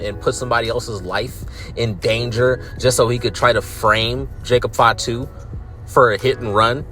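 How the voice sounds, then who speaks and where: A man's voice: a little high, fairly bright tone. A man giving a casual ranting recap of a show, sarcastic and profane, repeating words as he gets worked up. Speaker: wrestling commentary YouTuber.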